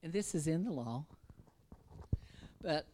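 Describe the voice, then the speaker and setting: Woman preaching, kinda rambly and chatty, low voice, gets fervent. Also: animated, takes it slowly, dark tone, slight background noise. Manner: rambling, conversational, rising to fervent exhortation; self-interrupting, restarts verses. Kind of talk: informal sermon.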